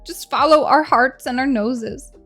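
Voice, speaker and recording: A woman streamer chatting casually with her viewers, animated and teasing, laughing often, while she eats. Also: high-pitched, measured pace, soft background music. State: hungry, eating during stream. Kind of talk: casual live-stream chat.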